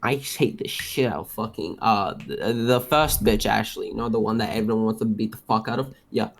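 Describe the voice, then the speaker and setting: A man's voice: fairly low pitch, a little fast, creaky. A young man co-hosting a casual podcast, joking crudely and swearing heavily. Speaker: podcast co-host. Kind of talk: casual chat.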